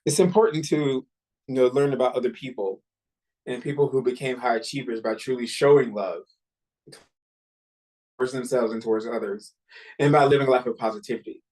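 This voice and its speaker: A man's voice: medium pitch, brisk, pauses often, darkish tone, poor audio. A man hosting a self-help podcast, giving an earnest, encouraging motivational talk with small restarts, speaking into a computer mic. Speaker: podcast host. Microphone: computer mic while screen sharing.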